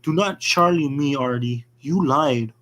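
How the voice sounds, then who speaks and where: A man's voice: mid-range voice, a little slow, a bit bright, lightly acted. A man voicing a young woman survivor who pleads frantically as she flees killers. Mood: accusing.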